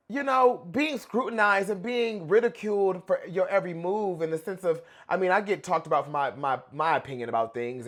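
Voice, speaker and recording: A young man giving casual pop culture reaction commentary in an animated, gossipy way. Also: high voice. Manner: animated, gossipy, dramatic outbursts.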